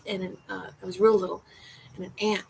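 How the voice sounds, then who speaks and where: A woman's voice: medium pitch, flat delivery, brisk, vocal fry, slight background noise, low-quality recording. A woman chatting casually at home during a livestream, rambling, restarting her sentences and sometimes dropping into a whisper. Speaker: streamer reading chat.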